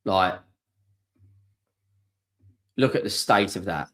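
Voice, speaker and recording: A man's voice: deep voice, takes it slowly, fairly bright tone. A man hosting a live football watchalong stream, ranting in exasperation and swearing freely.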